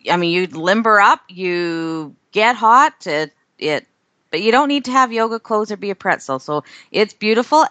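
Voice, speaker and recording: A woman's voice: on the low side, fairly bright tone, dry recording. A woman co-hosting a casual chat, talking with enthusiasm. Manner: enthusiastic, chatty.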